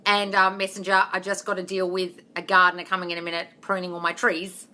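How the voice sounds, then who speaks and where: Blunt, bright-voiced woman coach. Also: fairly low pitch, monotone, quick pace. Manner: blunt, swears freely, calls viewers darling; reads viewer comments aloud and answers them. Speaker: manifestation coach. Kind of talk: livestream Q&A chat. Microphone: phone on a livestream.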